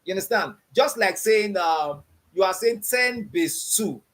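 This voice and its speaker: A man's voice: high-pitched, animated, a little slow, a bit bright. A man teaching a beginners' coding class online, repeating his checks for understanding and quizzing the learners with open questions. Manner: repeats "you understand what I'm saying?" and quizzes with "what?". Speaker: coding instructor.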